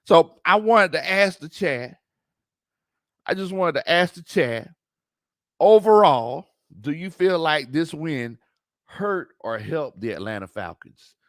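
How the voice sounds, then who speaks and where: On a clean, dry studio recording, a sports talk show host with a voice on the high side hosts a casual live stream. He's animated, reads chat comments aloud, laughs a lot, and stretches out his words in a colloquial way.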